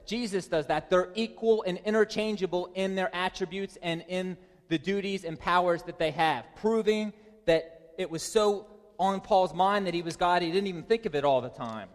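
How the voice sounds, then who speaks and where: A man preaching a sermon, reading verses and pressing his points with emphatic rises in pitch and volume. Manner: emphatic, rising high and loud to stress points. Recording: long hall reverb.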